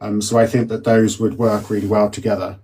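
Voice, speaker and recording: A man in casual podcast chat, hesitant, with many pauses and restarts. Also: on the low side, little pitch movement, warm tone, a little hiss or hum, low-quality recording. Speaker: podcast co-host.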